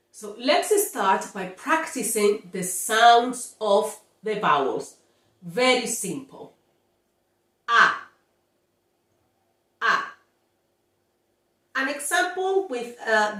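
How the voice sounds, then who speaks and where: A woman teaching Spanish pronunciation, sounding out words slowly and scolding playfully about common mistakes. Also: a little high, roomy sound, recorded from a distance. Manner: slow, drawn-out demonstrations of sounds, playful scolding. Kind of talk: pronunciation lesson.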